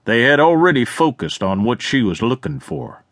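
A man narrating a western audiobook with lively, expressive storytelling. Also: medium pitch, normal speed, creaky, dry recording, clean studio sound.

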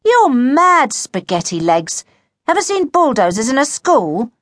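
A woman's voice: fairly low pitch, very animated, measured pace, no room sound. A woman voicing a podgy, grumbling schoolboy who is easily flustered. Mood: indignant. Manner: grumbling, indignant.

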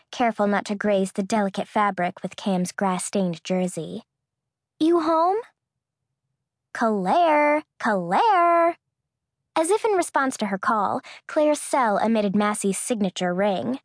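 A woman reading a teen novel aloud as its narrator, in a lively storytelling manner, recorded in a booth on a close microphone. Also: fairly high pitch, no echo. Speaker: audiobook narrator. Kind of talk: scripted narration. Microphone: close studio mic.

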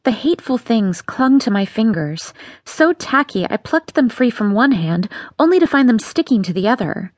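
A woman narrating an audiobook in a measured, tense storytelling manner. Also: fairly high pitch, very animated, darkish tone, dry recording, clean studio sound. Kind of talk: scripted narration.

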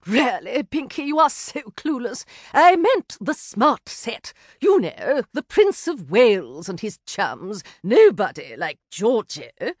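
A woman's voice: fairly high pitch, big pitch swings, takes it slowly, no room sound, clean studio sound, exaggerated voice. A woman doing a haughty, disapproving society lady. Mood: disdainful. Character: snobbish, peevish aristocratic sister-in-law, woman.

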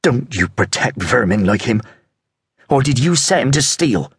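A male narrator voicing a shrill, spiteful medieval apple-selling woman. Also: sing-song, unhurried, breathy edge, no echo, studio quality, exaggerated voice. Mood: sneering. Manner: shrill, sneering and scolding.

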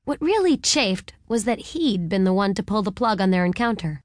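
A woman narrating a romance novel in a wry, even storytelling manner on a close studio mic. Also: medium pitch, moderate pace, no room sound. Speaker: audiobook narrator. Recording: dry close audiobook studio.

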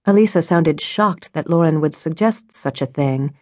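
A woman reading an audiobook in scripted narration, measured and even. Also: low-pitched, no room sound.

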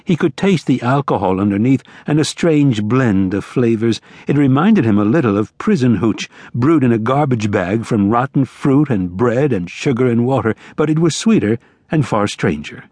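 A man narrating an audiobook in measured, lively storytelling. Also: mid-range voice, slightly rough, no room sound.

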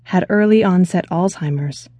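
A woman reading an audiobook as narrator, telling the story in a steady, measured way. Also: fairly low pitch, dry recording. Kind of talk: scripted narration.

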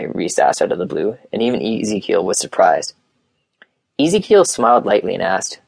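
Male audiobook narrator, steady reading, husky gravelly voice, dry close mic. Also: lowish voice, moderate pace, no room sound. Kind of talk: scripted narration.

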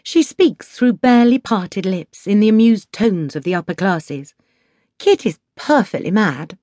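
A woman with an English accent narrates an audiobook from a script in a measured, expressive way. Her voice is medium-pitched, and the clean studio sound has no echo.

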